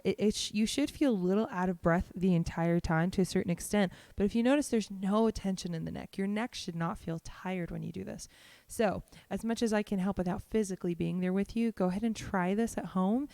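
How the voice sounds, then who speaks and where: A woman vocal coach giving a lesson, explaining a warm-up exercise to home learners in a relaxed, encouraging way. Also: mid-range voice, dry recording. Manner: counts in and sings warm-up syllables up and down the scale. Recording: piano accompaniment behind the voice.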